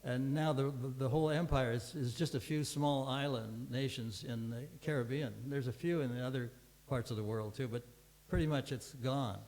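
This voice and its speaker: A man's voice: mid-range voice, moderate pace, a little mellow, rough recording. An older man giving a scripture class, telling a long story in a rambling way with many restarts and fillers.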